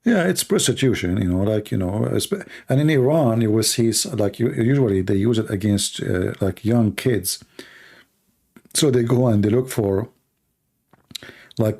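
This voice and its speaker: A Christian apologist from the Middle East, a native Arabic speaker, hosts a casual live Q&A stream. His lowish, dark voice sounds hoarse, gravelly and tired, and he answers bluntly with sarcasm and rhetorical questions.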